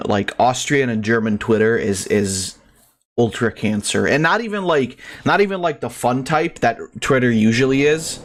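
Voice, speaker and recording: A young man streaming a game, chatting casually in a rambling, profane, ranting way. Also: medium pitch. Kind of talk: casual live-stream commentary.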